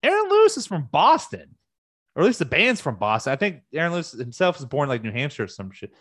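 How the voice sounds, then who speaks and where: A man's voice: wildly swooping pitch, fast, a bit bright, dry recording, clean studio sound. Heated, profane man ranting on a vlog. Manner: heated, profane, with sudden high-pitched outbursts. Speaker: music fan ranting on video. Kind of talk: casual rant.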